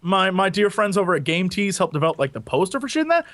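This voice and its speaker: A man co-hosting a podcast in casual chat, excitable and self-mocking, laughing often. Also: high-pitched, fast talker, dry recording. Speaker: podcast co-host.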